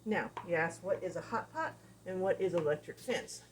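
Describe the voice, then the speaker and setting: A woman dog trainer giving a casual lesson, animated and repeating key phrases as she acts out examples. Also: lowish voice, moderate pace, a little hiss or hum. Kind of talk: casual teaching talk.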